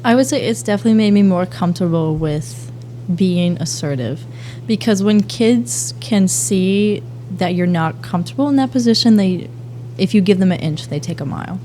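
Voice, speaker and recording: A woman in her twenties from the Boston area, a podcast guest talking casually and softly, with lots of fillers like "um" and "like". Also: medium pitch, normal speed, hardly any pauses, a little hiss or hum. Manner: soft-spoken, relaxed, lots of "like" and "um". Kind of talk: casual interview chat.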